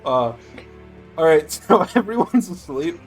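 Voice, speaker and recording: A man's voice: fairly high pitch, big pitch swings, measured pace, soft background music. A man narrating and running a casual tabletop role-playing game as game master, laughing easily.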